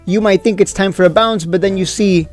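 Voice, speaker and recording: A man hosting a stock trading video, talking casually and excitably, whooping and throwing out rhetorical questions. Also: high-pitched, fairly quick, faint music behind. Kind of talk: casual market commentary.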